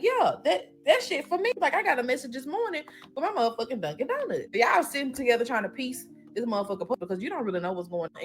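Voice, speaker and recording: A woman narrates a storytime in second person, swearing freely and full of slang. She keeps acting out everyone's voices, and soft music plays behind her. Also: a little high. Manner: profane, animated, slangy, acts out voices.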